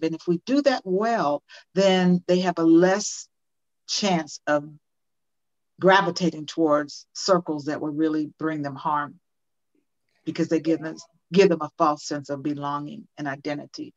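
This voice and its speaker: An older woman speaking as a guest in an interview, earnest and emphatic, often repeating questions for effect. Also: sits low. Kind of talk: conversational interview. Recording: dull lo-fi audio.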